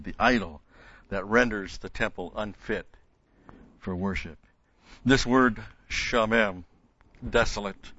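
A man with a low voice teaches scripture in an expository sermon. He leans hard on key words and repeats them for stress. The recording is dry and a little dull. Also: fairly bright tone, dry recording. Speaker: Bible teacher.

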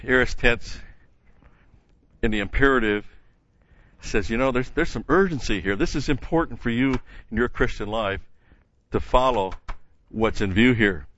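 A man's voice: medium pitch, moderate pace, pauses often, a bit bright, highs cut off. A man teaching a Bible study in an earnest, emphatic way, stopping often with "uh" and restarting phrases.

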